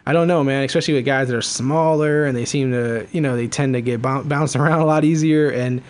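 A man's voice: mid-range voice, steady tone, fast, darkish tone, smooth. A man hosting a casual fantasy football podcast, rambling with many fillers and restarts. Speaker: podcast host.

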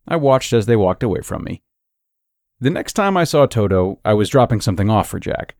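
Male horror story narrator, low voice, gravelly, measured and suspenseful, dry close sound. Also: sing-song, darkish tone, dry recording.

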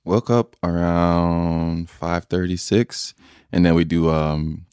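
Young male co-host, deep and dry, laid-back joking chat. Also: fairly even intonation, slow pace, a little mellow, clean tone, dry recording. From Nigeria. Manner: laughing, joking banter. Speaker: podcast co-host. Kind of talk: casual chat.

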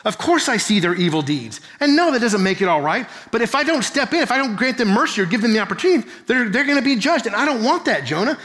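A man's voice: very high-pitched, big pitch swings, fast, few pauses, a bit bright, pitched above the performer's own voice, exaggerated voice. A man voicing God as a patient, pleading figure in a sermon retelling, pressing his point with repeated questions and calling the listener by name. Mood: impassioned, pleading. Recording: long reverb of a large hall.

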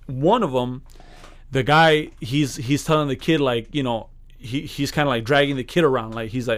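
A man's voice: mid-range voice, fairly even intonation, moderate pace. Rambling man telling stories in casual chat. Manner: rambling storytelling, many restarts. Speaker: podcast co-host.

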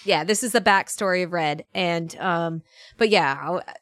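A woman's voice: on the low side, normal speed, a bit bright, dry recording, clean studio sound. A woman voice actor chatting as a podcast guest, telling stories and acting out what people said to her. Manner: chatty storyteller who acts out quoted dialogue; frequent laughs and fillers. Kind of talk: casual podcast chat.

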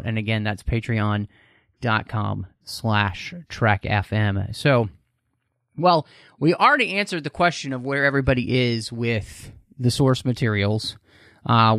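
A man from Texas hosts a podcast in an easy, rambling way, full of fillers. His voice sits at an ordinary middle pitch. The sound is dry and close, with no room around it. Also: a bit bright, clear, resonant tone, no echo. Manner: chatty, rambling with many fillers. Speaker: podcast host. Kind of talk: casual podcast chat and show plugs.

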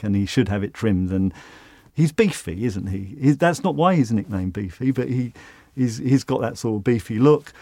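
A man giving chatty expert comments on a player, with a relaxed, conversational delivery. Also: fairly low pitch, creaky, no room sound. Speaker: golf pundit. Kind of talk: commentary interview.

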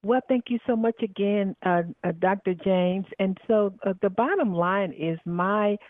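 A woman's voice: mid-range voice, a little slow, dry recording. Earnest Southern woman guest, spiritual storyteller, heard over a thin phone line. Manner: earnest, spiritual, with frequent filler words. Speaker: guest, radio talk show host and coach. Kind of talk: storytelling interview talk. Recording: dry phone-line audio.

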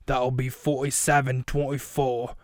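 A man putting on the voice of a huge male deli clerk who talks in a slow, low, deadpan drawl. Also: dry recording, studio quality, natural voice. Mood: flat.

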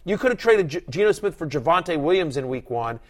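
A middle-aged man hosting a fantasy football show, talking in an emphatic, animated way and acting out other people's voices. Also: fairly high pitch, a little fast. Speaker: fantasy football analyst host. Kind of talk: casual sports talk.

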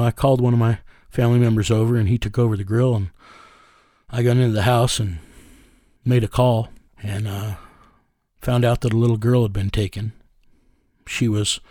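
A man's voice: fairly low pitch, steady tone, moderate pace, dark tone, no room sound, studio quality. A man working as a child recovery investigator, telling a story in an interview in a blunt, profane way with many fillers.

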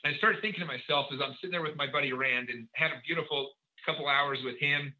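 Fast-talking forceful man telling a story. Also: on the high side, highs cut off. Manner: rapid, animated storytelling with many fillers and acted-out dialogue. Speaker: podcast guest. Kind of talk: storytelling in a podcast interview.

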